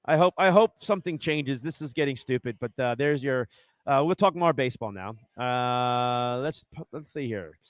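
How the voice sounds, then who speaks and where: A man hosting a sports podcast in casual chat, excitable and rambling, checking in with "right?" often. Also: medium pitch, normal speed, dry recording. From Arizona. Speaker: podcast host.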